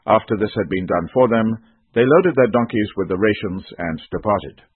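A man narrating a scripture reading in a measured, solemn manner over a tinny recording. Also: on the low side, expressive, husky, dry recording. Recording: tinny phone-like dry recording.

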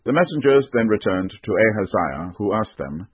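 Male scripture reader, low husky voice, solemn, dry tinny lo-fi sound. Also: very animated, moderate pace, no echo. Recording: tinny band-limited recording.

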